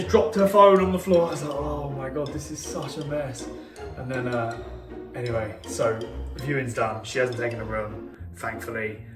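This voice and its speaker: A young man telling a story in an animated way, acting out both sides of the dialogue. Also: mid-range voice, far from the mic. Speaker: property investor. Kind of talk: casual storytelling vlog. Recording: echoey, from off-mic.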